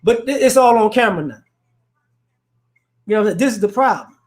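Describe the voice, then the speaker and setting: A livestream host with a high, animated voice rants at a moderate pace, offering blunt, confrontational social commentary off the cuff. He rambles and repeats words as he builds each point, and the recording has a roomy echo.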